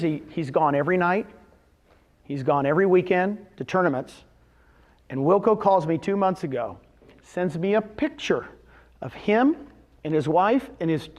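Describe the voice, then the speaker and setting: Guy pitching to a seminar crowd, lively stories, keeps asking the room questions, voice a bit high. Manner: animated storyteller, rhetorical questions to the crowd. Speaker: real estate seminar speaker. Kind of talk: motivational talk to an audience.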